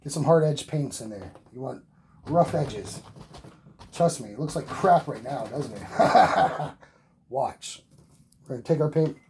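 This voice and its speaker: Soft-voiced, encouraging man painting. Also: mid-range voice, expressive, unhurried, long pauses. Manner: encouraging, repetitive, talks to viewers while painting. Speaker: painting instructor. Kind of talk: relaxed painting tutorial. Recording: faint background noise.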